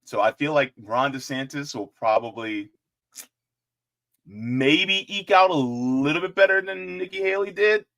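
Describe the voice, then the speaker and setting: A man's voice: fairly high pitch, a little slow. A man hosting casual political commentary, joking and talking straight to his viewers. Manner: joking, animated, talks to viewers directly.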